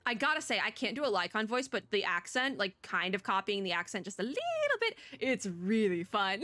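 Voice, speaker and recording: Young woman vtuber rambling thru a game, bright voice, dry sound, laughs a lot. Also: mid-range voice, brisk, hardly any pauses, no room sound. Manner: chatty, joking, laughs often. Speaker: VTuber streamer. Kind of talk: let's play commentary and dialogue reading.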